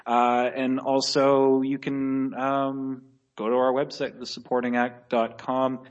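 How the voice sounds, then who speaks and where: A man's voice: mid-range voice, level tone, slow pace, lo-fi sound. A man hosting a podcast in casual chat, with a slight lisp and a rambling, joking way of talking. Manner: rambling, playful, filler-heavy. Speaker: podcast host.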